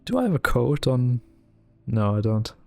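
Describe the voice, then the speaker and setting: A man's voice: mid-range voice, big pitch swings, normal speed, vocal fry, soft background music. A man playing a tabletop game on stream, reading notices aloud and musing to himself with chuckling asides. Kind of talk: casual streamed role-play, reading aloud.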